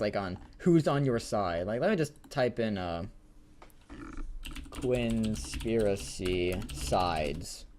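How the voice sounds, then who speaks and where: Young male podcaster, rambling casual chat, lively swinging pitch, home mic. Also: a little hiss or hum. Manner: rambling, laughs often, swears casually. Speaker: podcast co-host.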